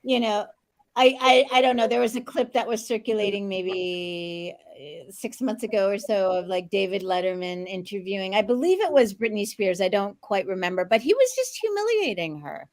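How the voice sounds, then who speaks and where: A woman in her fifties, co-hosting a casual panel chat and telling stories in an animated, exclamatory way. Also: mid-range voice, moderate pace. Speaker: podcast co-host.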